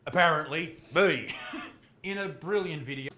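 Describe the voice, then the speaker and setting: A man's voice: fairly high pitch, unhurried, bright, forceful tone, a little hiss or hum. A man narrating a commentary video in a sardonic, swearing way. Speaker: comedian in a video being reacted to.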